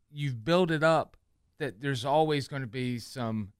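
A man's voice: mid-range voice, moderate pace, no room sound, clean studio sound. Rambling male radio show host. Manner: rambling, animated, laughs often. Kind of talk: casual radio banter.

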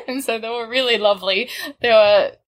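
A woman's voice: a little high, fairly even intonation, a little fast. A young Australian woman in her twenties, casually telling a story, laid-back and laughing often. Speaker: guest telling a travel story.

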